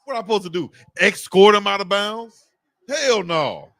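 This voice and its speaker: A man hosting a live fan play-by-play stream, excitable and slangy, shouting and cursing as he calls the game. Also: high voice, normal speed, gravelly, dry recording.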